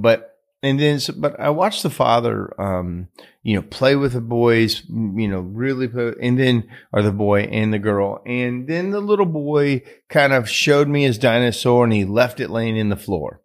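A man's voice: medium pitch, lively intonation, unhurried. A man hosting a podcast, telling a story in a casual, earnest way that rambles with many fillers and restarts. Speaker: podcast host.

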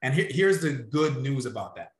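A man's voice: mid-range voice, big pitch swings, normal speed, echoey room. A man coaching salon owners in a casual podcast chat, emphatic and direct, pushing listeners to act.

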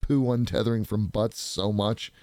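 A man with a somewhat low voice co-hosts a podcast, trading crude jokes and swearing freely as he riffs. He gets animated and slips into exaggerated voices mid-story. His voice is recorded close and dry. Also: moderate pace, dry recording. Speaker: podcast co-host. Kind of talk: crude casual banter.

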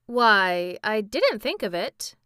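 Woman doing a pumpkin-headed storybook man, mild, matter-of-fact, clear, dry. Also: medium pitch, sing-song, slow pace, a bit bright, dry recording. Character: cheerful pumpkin-headed man, calm and simple.

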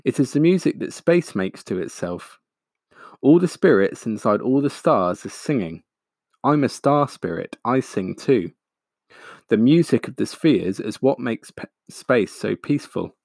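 A man's voice: mid-range voice, expressive, unhurried, a little mellow, dry recording, clean studio sound. A man voicing an exhausted, defeated giant male space dragon who pleads and wails. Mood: mournful. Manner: pleading, wailing.

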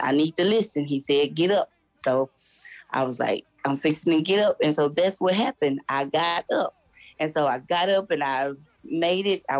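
A woman's voice: low voice, no echo, poor audio. A woman guest telling her faith testimony in a casual, earnest way, acting out the voices of people in her story.

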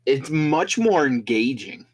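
Reacting co-host: slow, animated pitch, dry incredulous quips. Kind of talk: casual banter.

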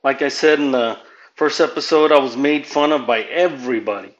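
A podcast host from Southern California rambles through a foul-mouthed stand-up bit, peppering his English with Spanish phrases. He talks a little fast in a mid-range voice, recorded lo-fi on a home mic.

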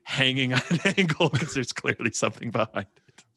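A man's voice: mid-range voice, a little fast, sharp tone, slightly rough. A young man in casual chat, talking animatedly with restarts and acted-out quotes.

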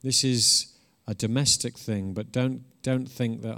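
A man's voice: medium pitch, fairly even intonation, unhurried, creaky, a bit bright. A man preaching a conversational sermon. He is informal and earnest, restarts often, and swells into emphatic bursts.

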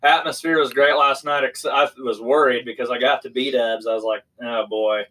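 A man's voice: medium pitch, steady tone, brisk, bright, forceful tone, rough recording. A man from St. co-hosting a casual sports betting chat, blunt and joking in his opinions. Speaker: co-host.

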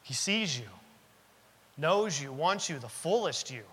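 A man's voice: fairly high pitch, lively intonation, a little slow, fairly bright tone, slightly rough. A man in his thirties preaching a sermon as pastor, earnest and emphatic, with lots of repetition. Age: 30s. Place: church sanctuary. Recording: long reverb of a church hall.

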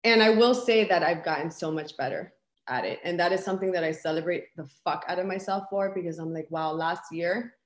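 A woman's voice: lowish voice, fairly quick. A woman guest sharing candidly in conversation, raw and intense, swearing often as she talks about spirituality. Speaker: podcast guest. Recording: roomy echo.

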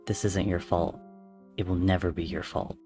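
Guy voicing a soft loving dad type, deep and tender. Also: level tone, normal speed, faint music behind, natural voice. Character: gentle loving older father figure.

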